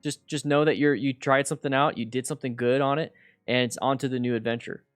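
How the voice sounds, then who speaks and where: A man's voice: medium pitch, steady tone, fast talker, soft background music. A middle-aged man hosting a casual live Q&A on a headset mic at home, reading viewer questions aloud and answering with lots of repeated words and restarts. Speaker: motorcycle coach and livestream host. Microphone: headset mic with noise gate.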